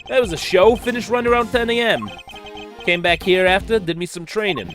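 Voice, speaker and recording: A man voicing a gruff, streetwise male convict boxer with slangy tough-guy talk. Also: high voice, lively intonation, a little fast, music in the background, voice pushed up.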